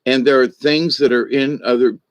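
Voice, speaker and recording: A man's voice: mid-range voice, fairly even intonation, normal speed, dry recording. A man in his sixties, a spiritual teacher, talking through his thoughts in a reflective monologue with frequent restarts and asides. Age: 60s.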